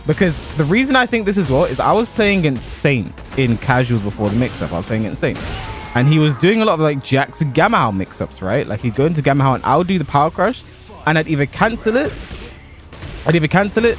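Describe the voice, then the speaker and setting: A young man with a slightly raised voice talks loosely over his gameplay. He is animated and hyperbolic, laughing at himself at times, and faint music plays behind him. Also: a little high, fairly quick. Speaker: pro fighting game player and content creator. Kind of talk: casual commentary over gameplay.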